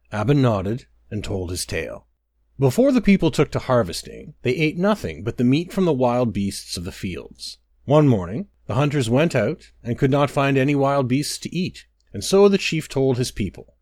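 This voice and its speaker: A man giving a measured, expressive scripted storybook narration. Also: mid-range voice, no room sound, studio quality.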